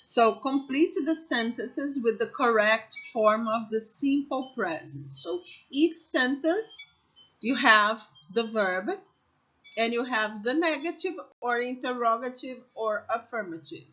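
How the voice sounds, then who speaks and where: Slow, patient woman English teacher. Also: fairly high pitch, lively intonation, a bit bright, muffled recording. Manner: patient, repeats examples and checks with "okay?". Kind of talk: slow, deliberate classroom explanation.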